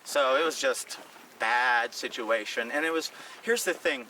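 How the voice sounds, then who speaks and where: A man's voice: medium pitch, unhurried, distant mic, a little hiss or hum, low-quality recording. A comedian telling stories in casual talk on a city walk, acting out the voices of the people he quotes. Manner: animated, acts out quoted voices. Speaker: comedian and podcast co-host. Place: outdoors on city streets.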